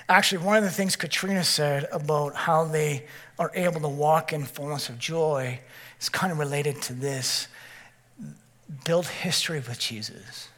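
Male pastor, sermon delivery: high, bright voice, storytelling with frequent "okay?" asides to the room. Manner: animated storytelling with frequent "okay?" check-ins.

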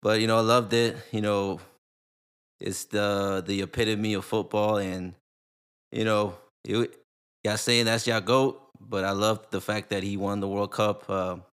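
A man co-hosting a casual football podcast, joking and bantering in a playful, animated way. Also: fairly low pitch, a little slow, clear, resonant tone. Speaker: podcast co-host. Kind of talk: casual sports podcast chat.

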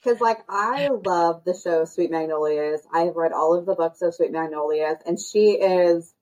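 A woman's voice: fairly low pitch, a little slow, darkish tone, rough recording. Blunt, foul-mouthed woman. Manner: blunt, swears freely, rambling. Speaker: podcast co-host. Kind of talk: casual chat.

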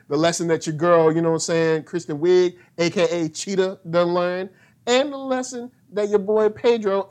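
A man's voice: a little high, a little mellow. A man hosting a casual movie review chat, laid-back and slangy, joking with his co-hosts.

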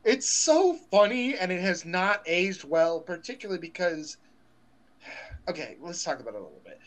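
A young man talks casually with a co-host, animated and slangy, leaning on fillers. His voice sits a little high. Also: normal speed. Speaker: podcast co-host. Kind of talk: casual chat.

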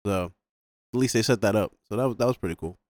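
A man's voice: on the low side, fast talker, darkish tone, no room sound. A man co-hosting a movie podcast, chatting casually in slang and laughing often. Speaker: podcast co-host. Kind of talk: casual movie recap chat.

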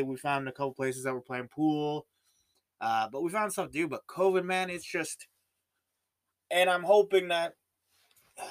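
A young man with a Canadian accent talks alone on his podcast, rambling through his thoughts with lots of fillers and restarts. His voice sits in a middle pitch. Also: fairly bright tone. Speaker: podcast host. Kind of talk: solo casual podcast monologue.

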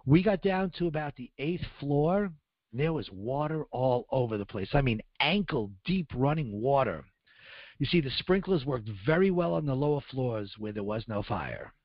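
A man's voice: mid-range voice, animated, moderate pace, no echo, highs cut off. A man speaking on the radio, telling his story in the first person and voicing the people in it. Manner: earnest, acts out dialogue in raised voices. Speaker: guest recounting survival.

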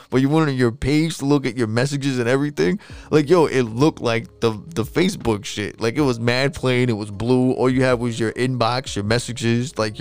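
A man's voice: medium pitch, clean tone, no room sound. A man, talking casually and rambling, swearing a lot and losing his train of thought. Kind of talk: casual monologue.

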